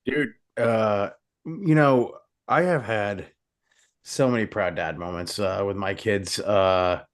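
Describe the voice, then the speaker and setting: A fairly low-voiced man talks haltingly, filling his pauses with ums and uhs. He speaks as casual chat over a video call. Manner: hesitant, many ums and uhs. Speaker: podcast co-host.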